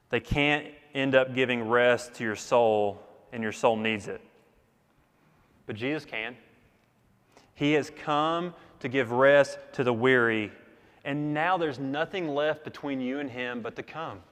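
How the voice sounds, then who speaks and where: Man, pastor, sermon, earnest and emphatic, repeats phrases, mid pitch, big reverberant hall. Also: fairly bright tone.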